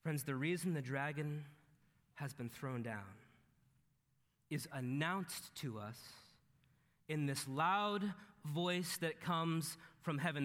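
A man preaching a sermon, swinging between loud emphatic peaks and low, intense stretches. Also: slow pace, in a large hall.

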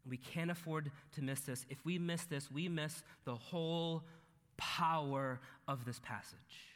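A man preaching a sermon, swinging between loud emphatic peaks and low, intense stretches. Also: unhurried, long reverb tail.

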